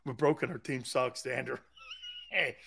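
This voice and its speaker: A man's voice: mid-range voice, normal speed, vocal fry, husky. A man hosting a sports radio show, ranting in a comic way and acting out angry fans. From United States. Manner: animated, acts out angry fans in bursts. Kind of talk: loud comic sports talk rant.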